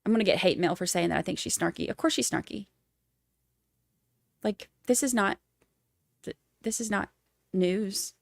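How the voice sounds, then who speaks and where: A woman's voice: medium pitch, normal speed, creaky, pauses often, no room sound, clean studio sound. A woman hosting a casual livestream, chatting with viewers in a snarky, laughing way. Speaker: livestream host. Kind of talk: casual chat with live chat.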